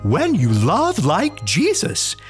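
A performer doing Ollie, a slow hooting owl puppet. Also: medium pitch, wildly swooping pitch, faint music behind. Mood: gentle. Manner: slow, gentle rhyming delivery. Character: friendly owl puppet who hoots. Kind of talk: children's puppet show.

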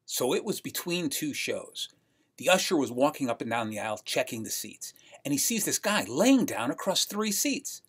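A man's voice: medium pitch, big pitch swings, normal speed, a bit bright, husky. A man co-hosting a podcast in a casual, upbeat and enthusiastic way. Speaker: podcast co-host.

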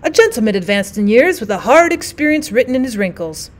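A woman teacher narrating a classic novel aloud with a steady, expressive reading. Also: a little high, fairly quick. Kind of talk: audiobook narration.

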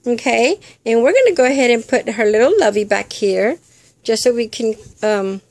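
A woman's voice: lively intonation, normal speed, a little mellow, dry recording. An older woman chatting casually to camera about her hobbies, rambling with lots of fillers. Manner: coos in a high baby-talk voice to her doll. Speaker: vlogger.

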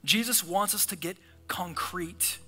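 Bright-voiced animated male pastor. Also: high voice, unhurried, husky. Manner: animated, acts out voices in scripture and prayers. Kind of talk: sermon. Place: church auditorium.

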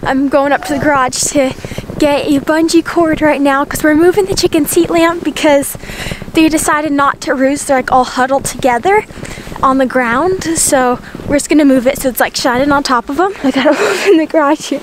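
A woman narrates a casual vlog at a moderate pace in a high-pitched voice, with a little hiss or hum audible. She's out in the snow on a homestead, camera in hand, bubbly and exclamatory and laughing often.

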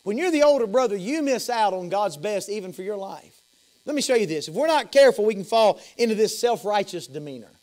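Man, Southern US accent, middle-aged, pastor, sermon, emphatic, repeats himself, high pitched. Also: expressive, brisk. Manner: emphatic, repeats phrases, swings from loud to hushed.

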